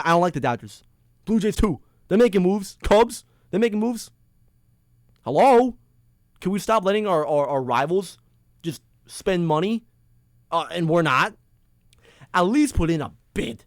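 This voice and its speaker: A man's voice: on the high side, expressive, moderate pace, no room sound, clean studio sound. Heated young man ranting about sports. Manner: heated, exasperated, swings between loud complaints and mumbling asides. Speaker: podcast host. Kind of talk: casual sports rant. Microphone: headphones on, close mic.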